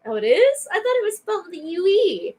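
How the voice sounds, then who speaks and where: A woman's voice: very high-pitched, sing-song, brisk, darkish tone. A woman co-hosting a casual show, rambling and joking with a giggle. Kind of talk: casual chat.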